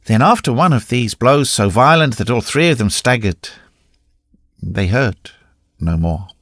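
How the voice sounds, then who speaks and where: Male audiobook narrator, dramatic reading, gravelly, dry close sound. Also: medium pitch, lively intonation, a little slow, fairly bright tone, no room sound. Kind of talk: scripted narration.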